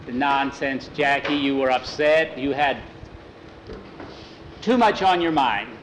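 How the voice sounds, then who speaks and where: A man's voice: mid-range voice, slow, a little hiss or hum, low-quality recording. A man telling a folksy western story aloud, filling it with "he says" and "he said".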